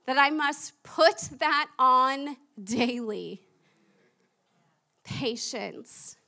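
A young woman preaching a sermon, chatty and animated, laughing at herself as she tells stories. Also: high voice, extremely slow, vocal fry.

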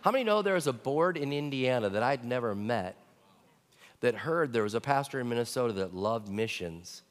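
A male pastor preaching a sermon, telling stories with animated, excited peaks. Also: medium pitch, fairly quick. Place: church sanctuary. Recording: church hall reverb.

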